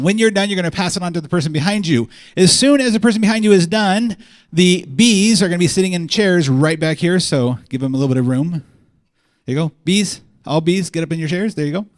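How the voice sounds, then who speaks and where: A man hosting a live stage event, calling names and directing a game with energetic, joking instructions. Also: fairly high pitch, dry recording, studio quality. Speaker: host. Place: convention stage before a live audience.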